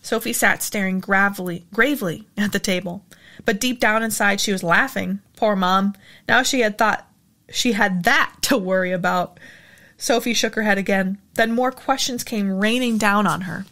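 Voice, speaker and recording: Woman, audiobook narrator, steady storytelling, middle pitch. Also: moderate pace. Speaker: audiobook reader. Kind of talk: reading a novel aloud.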